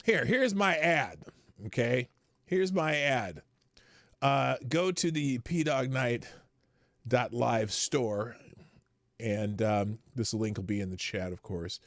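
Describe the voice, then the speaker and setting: A man's voice: medium pitch, animated, slow, a bit bright, no room sound, studio quality. A middle-aged man with a lingering cough, rambling casually as he hosts a livestream and greets viewers in chat. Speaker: livestream host.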